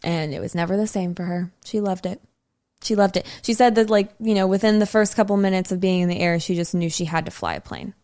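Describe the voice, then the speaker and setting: A woman's voice: lowish voice, expressive, quick pace, a little mellow. A woman hosting a podcast, telling a history story in a casual, chatty way with side remarks.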